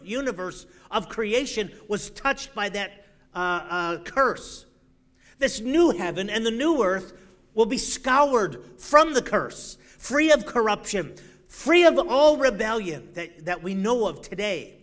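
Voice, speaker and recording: A middle-aged man preaching a sermon, swinging between loud emphatic declarations and quiet, joking asides. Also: a little high.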